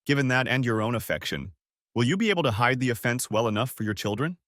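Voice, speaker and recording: Man reading a calm pipe-smoking older friend for an audiobook, deep and measured, pitch moves a lot, dry close sound. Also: dry recording. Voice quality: deep bass. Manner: calm, measured, non-judgmental.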